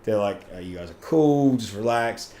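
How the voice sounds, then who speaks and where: A man's voice: fairly low pitch, animated, moderate pace, mellow. A man with an Australian accent, a podcast guest telling a story casually, laughing often and swearing in Aussie slang. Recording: echoey room with faint ambient noise.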